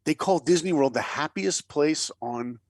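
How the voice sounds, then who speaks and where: An animator and director appears as a guest on a podcast, telling lively anecdotes where he performs the voices of the people involved and drops to a whisper to stress a point. His voice is on the high side and unhurried, with no room sound.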